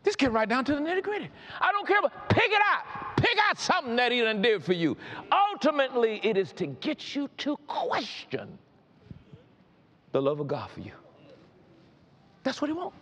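A man preaching a sermon, emphatic and repetitive, building up to shouts. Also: very high voice, sing-song, moderate pace. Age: adult.

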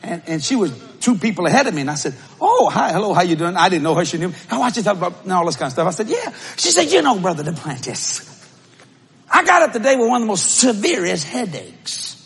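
A man preaching a sermon and telling a story, with shouted bursts and laughing asides. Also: sits high, sing-song, fast talker, husky. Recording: live audience, faint crowd noise.

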